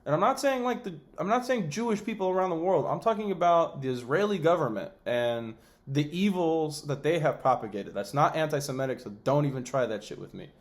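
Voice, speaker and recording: A man with a slightly higher-than-usual voice hosts his own podcast. He rants about politics, heated and profane. He throws in sarcastic asides as he goes. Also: lively intonation, brisk. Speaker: podcast host. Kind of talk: ranting political commentary.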